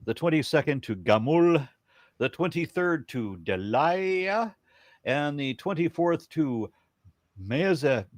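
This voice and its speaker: Slow-reading man, dry sound. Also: a little high, animated, no room sound. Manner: slow, careful reading of hard names. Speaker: host reading scripture. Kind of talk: casual podcast reading.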